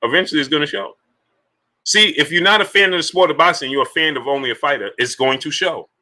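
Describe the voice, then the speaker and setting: A man's voice: on the high side, quick pace. A man commentating on boxing during a live stream, reading super chats aloud and hammering his points with repeated rhetorical questions. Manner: animated, repetitive, emphatic rhetorical questions.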